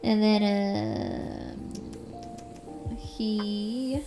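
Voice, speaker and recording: Female streamer, high voice, casual spooky story retelling with swearing and tangents. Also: normal speed, over music. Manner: profane, rambling commentary. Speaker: live streamer. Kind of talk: casual reading of a scary story.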